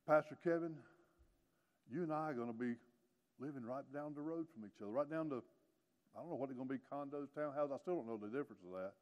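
High-voiced preacher man in his sixties, echoing hall. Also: fast talker. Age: 60s. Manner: swings between hushed lows and loud emphatic peaks; folksy, joking asides. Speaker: pastor. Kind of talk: sermon. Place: church sanctuary. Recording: long reverb of a church hall.

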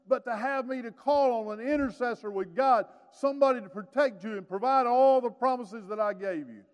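A man in his sixties preaching a sermon, swinging from hushed lows to loud emphatic peaks, with folksy joking asides. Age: 60s. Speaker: pastor. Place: church sanctuary. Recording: long reverb of a church hall.

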